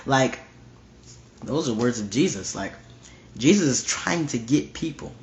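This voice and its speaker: A man's voice: medium pitch, expressive, a little slow. A man giving a casual verse-by-verse Bible study, reading scripture aloud and repeating his points with emphasis. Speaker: Bible teacher. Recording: roomy, dull lo-fi recording.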